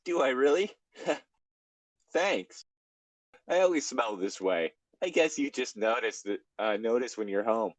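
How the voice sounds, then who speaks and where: A man's voice: medium pitch, animated, a little slow, no room sound, voice pushed up. A man reading aloud as a nervous, awkward young male fox, with a jittery, giggly delivery.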